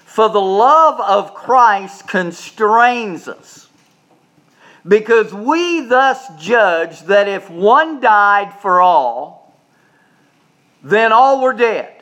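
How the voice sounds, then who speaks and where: Pastor guy preaching a sermon, kinda high voice, keeps repeating lines for emphasis, then goes quiet for little asides. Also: animated, very slow.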